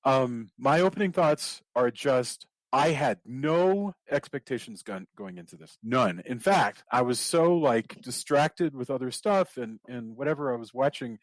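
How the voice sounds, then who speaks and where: A man's voice: medium pitch, lively intonation, measured pace, few pauses, no echo. A man co-hosting a podcast, talking about a film in a reflective, musing way with casual asides. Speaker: podcast co-host.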